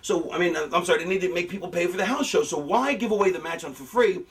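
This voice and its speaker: Middle-aged man, high voice, profane animated storyteller, recorded a bit off-mic. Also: fast talker, distant mic. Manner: profane, animated, acts out quotes. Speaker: veteran wrestler explaining booking. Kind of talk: casual storytelling.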